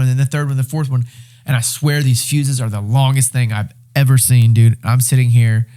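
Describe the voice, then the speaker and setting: Mellow-voiced man telling an excited survival story. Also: mid-range voice, brisk. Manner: animated, excited retelling with swearing and restarts. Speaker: podcast guest, reality show winner. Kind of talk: casual storytelling.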